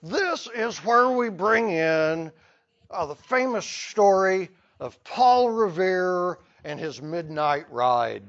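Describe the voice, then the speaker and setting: Slow, animated male history teacher. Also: high-pitched, muffled recording. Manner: storytelling with playful asides. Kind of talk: classroom lecture.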